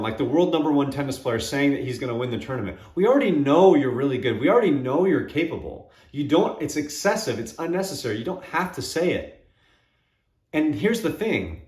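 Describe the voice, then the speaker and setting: A man hosting his own channel, talking reflectively and retelling movie scenes with quick quoted voices. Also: fairly high pitch, echoey room. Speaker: channel host. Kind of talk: reflective solo talk to camera.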